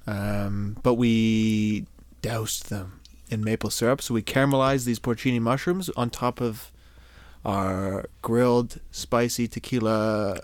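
A man with a mid-range voice recorded dry and close. He chats in a laid-back way and drops quick wisecracks. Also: fairly low pitch, fairly even intonation, dry recording. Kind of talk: casual chat over drinks.

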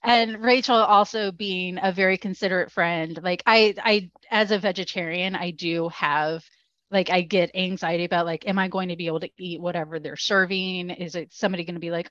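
Chatty woman with a lowish voice. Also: fairly quick, no echo, muffled recording. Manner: chatty, frequent likes and ums, animated retellings. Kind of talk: casual chat.

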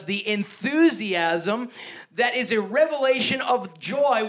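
With energy and emphasis, a pastor delivers his sermon, breaking off for playful, chuckling asides. For a man, his voice sits fairly high.

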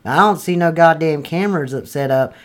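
In this improvised comedy podcast bit, a man plays a profane, drawling redneck landlord from North Carolina, full of bluster and crudeness. His pitch is fairly high, his pace a little fast, and his voice sounds natural.

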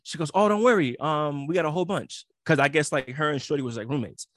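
A young man in casual chat, telling a story in a slangy, animated way and acting out the other people in it. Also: on the high side, fast, no echo, studio quality. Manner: slangy, animated storytelling with frequent laughs and acted-out quotes.

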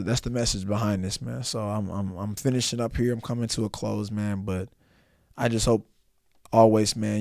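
A man's voice: mid-range voice, no room sound, clean studio sound. Earnest man preaching and praying. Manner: repetitive, emphatic, often ending phrases with "man". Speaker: Christian podcast host.

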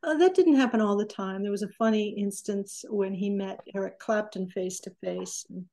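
A woman in her sixties recounts studio memories in a relaxed, mellow voice. She tells her stories with animation and briefly plays out the lines of the people in them. She speaks as an interview guest. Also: mid-range voice, normal speed. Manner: animated, acts out quoted remarks. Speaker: interview guest, recording engineer. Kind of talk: conversational storytelling.

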